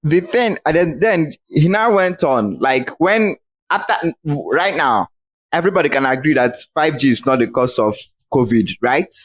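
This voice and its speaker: A Nigerian man with a fairly high voice and a Nigerian accent rants over a remote call. He is young and heated, and he swears freely as he vents. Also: lively intonation, normal speed. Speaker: guest. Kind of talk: casual podcast chat.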